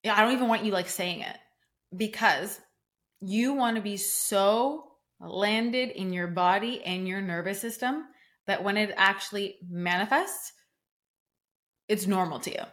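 A woman's voice: mid-range voice, unhurried, a bit bright. A young adult woman hosting her own podcast as a coach, talking casually and emphatically with many "like" fillers. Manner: casual, emphatic, fillers like "like", acts out quoted reactions. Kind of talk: solo podcast talk.

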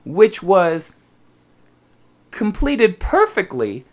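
A man ranting on his football podcast, swearing freely and mimicking the stiff voices he dislikes. His pitch climbs and falls in lively swings as he talks. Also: very slow. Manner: profane, animated, mocks others' voices. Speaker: podcast host. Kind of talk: ranting casual talk.

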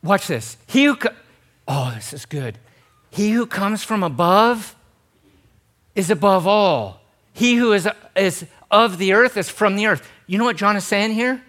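A man in his forties preaching a sermon as pastor, animated and acting out quoted voices, with joking, self-deprecating asides. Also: unhurried. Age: 40s. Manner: animated, acts out quoted voices with big pitch jumps. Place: church sanctuary.

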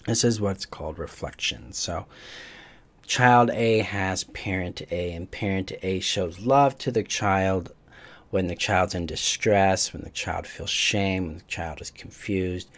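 Soft-spoken man teaching a live online session. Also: sits low, unhurried. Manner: gentle, reflective explaining with small restarts. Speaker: coach and course teacher.

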